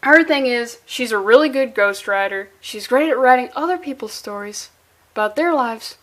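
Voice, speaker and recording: Snarky high-voiced woman reviewing comics. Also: lively intonation, normal speed, a bit bright. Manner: snarky, exasperated, swears freely; valley-girl phrasing.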